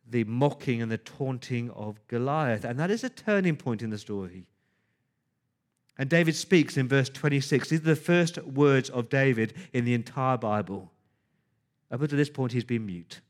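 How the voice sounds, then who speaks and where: A man preaching a sermon, emphatic, with rhetorical questions and words repeated for stress. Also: mid-range voice.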